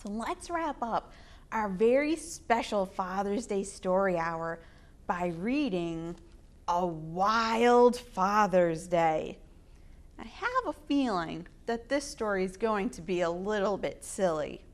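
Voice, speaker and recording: A woman hosting storytime, reading picture books aloud to children in an expressive, sing-song way. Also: medium pitch, takes it slowly. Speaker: storytime reader.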